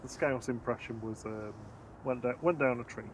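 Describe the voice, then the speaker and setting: A man's voice: mid-range voice, normal speed, slight background noise. A man co-hosting a casual live plane spotting stream, joking and reading out viewer messages. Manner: laid-back, jokey, reads out viewer messages. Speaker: plane spotting livestream co-host.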